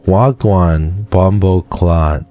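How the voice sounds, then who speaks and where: A man voicing a laid-back young male roadman with Toronto street slang, drawling slow greetings. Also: deep voice, dark tone, highs cut off, pitched above the performer's own voice.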